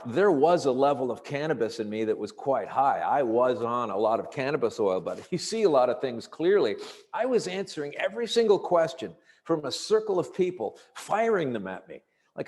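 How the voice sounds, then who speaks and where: A man with an ordinary middle-pitched voice spins an animated, profane story as a comedian guest, slipping into the voices of the people he quotes. His voice carries a long, hall-like reverb behind it. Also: moderate pace. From Canada. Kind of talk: storytelling in casual conversation. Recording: long reverberant room sound.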